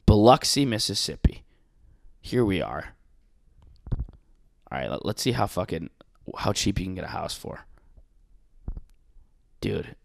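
A man from New York telling stories in casual comedic podcast chat, swearing freely and acting out hecklers in loud voices. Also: low-pitched, sing-song, unhurried, gravelly, long pauses.

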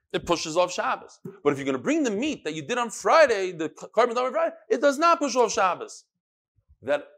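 A man teaching a Talmud class, explaining the text in an animated way, calling on students and reading Aramaic phrases in a singsong. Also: sits high. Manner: animated, switches between English and chanted Aramaic phrases, calls on students. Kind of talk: lively classroom Gemara lesson.

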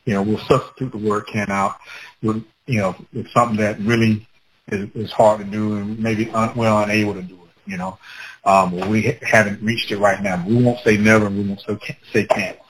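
A man with children telling a personal story in a casual, animated way, acting out his own past words with laughter. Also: lowish voice, fairly quick, a little hiss or hum, low-quality recording. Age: adult with children.

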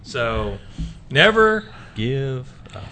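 A man's voice: medium pitch, big pitch swings, extremely slow, pushed and bright, slight background noise. A man hosting a casual faith talk radio show, rambling with many fillers and restarts.

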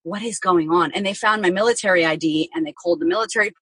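A woman with a lowish, husky voice tells her story candidly as a podcast guest. She speaks frankly and vividly, swears now and then, and acts out the things she said at the time. The recording is close and dry. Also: fast, fairly bright tone, no echo, poor audio.

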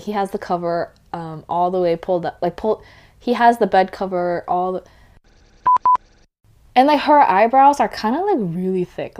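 A young woman hosting a casual podcast, congested, rambling and correcting herself, often dropping to quiet asides. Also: medium pitch. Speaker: podcast host. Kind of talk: casual chat recap.

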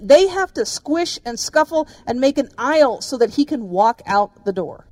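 A woman's voice: high voice, animated, normal speed, few pauses, darkish tone, dry recording. A woman pastor preaching a sermon, telling the story vividly and speaking directly to her listeners.

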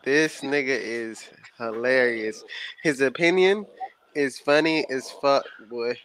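A woman's voice: very deep voice, takes it slowly, a little hiss or hum. A woman hosting a podcast livestream, chatting casually and laughing as she retells a clip. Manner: laughing, amused commentary. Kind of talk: casual chat.

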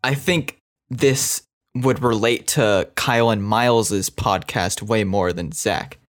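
A young man co-hosting a podcast, teasing his friends with playful, deadpan banter in casual chat. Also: fairly low pitch, takes it slowly. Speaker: podcast co-host.

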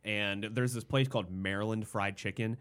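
A man's voice: fairly low pitch, fairly even intonation, moderate pace, fairly bright tone, clear, resonant tone. A man co-hosting a casual podcast chat, asking questions and laughing along with the others. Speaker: podcast co-host.

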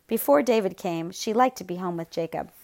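A woman reading an audiobook in a measured, even storytelling manner. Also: on the low side, gravelly. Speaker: audiobook narrator. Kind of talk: scripted narration.

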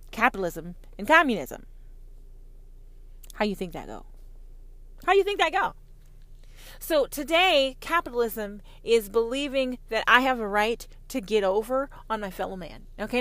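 A woman's voice: on the high side, pushed and bright, dry recording. A woman with a Southern American accent delivering an impassioned monologue, profane, heated and sarcastic, often mocking imagined opponents in a put-on voice. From Southern United States. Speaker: podcast host.

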